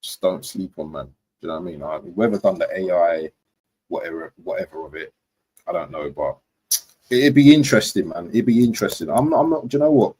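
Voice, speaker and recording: A man's voice: low-pitched, animated, a little fast, warm tone, slight background noise, low-quality recording. A young man chatting casually about football transfers on a live stream, rambling and slangy. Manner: rambling slangy, frequent "do you know what". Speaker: football vlogger.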